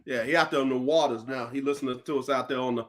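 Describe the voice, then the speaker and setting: A man hosting a casual sports chat, playful and teasing in quick banter. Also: mid-range voice, fairly even intonation. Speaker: show host.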